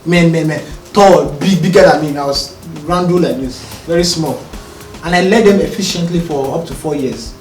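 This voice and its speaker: A man, a podcast co-host talking calmly and earnestly, often checking whether he is understood. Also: a little high, normal speed. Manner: calm, earnest, explaining with rhetorical checks. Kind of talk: casual conversation. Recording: roomy, distant mic, faint music.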